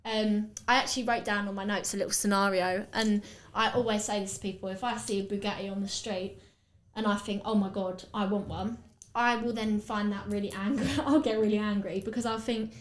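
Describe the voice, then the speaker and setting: A woman's voice: mid-range voice, fairly even intonation, fairly quick, roomy sound, rough recording. A woman with an Essex accent hosting a podcast, chatting casually and rambling with lots of fillers while she does her makeup. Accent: Essex English. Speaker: podcast host.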